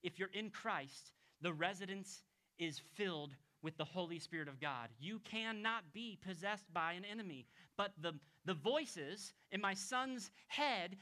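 A male pastor preaching a sermon in an emphatic way, dropping to hushed tones and rising to loud exclamations. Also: high voice, lively intonation, a little slow.

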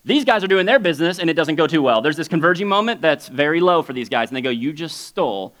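A male pastor preaching a sermon in a casual, conversational way. He swings between loud, high exclamations and quiet, low asides, and often chuckles between points. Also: lively intonation, very fast.

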